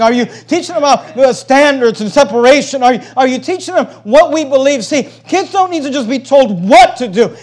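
A male pastor preaching a sermon, emphatic, swinging between loud and hushed and repeating phrases to drive his point home. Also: extremely high pitch.

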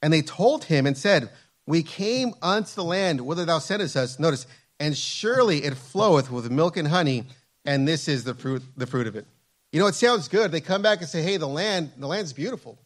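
A man's voice: a little high, lively intonation, moderate pace. A man preaching a sermon, reading scripture aloud and repeating his phrases with fervent emphasis.

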